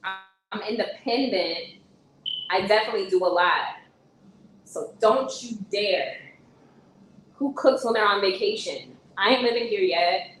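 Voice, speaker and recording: A woman chatting live with her viewers, answering comments and talking back with animated emphasis. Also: medium pitch, unhurried, pauses often. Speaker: vlogger answering live chat. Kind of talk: casual live-stream chat. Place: indoor room on vacation. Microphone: phone on a gimbal. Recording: echoey room, far from mic, noisy.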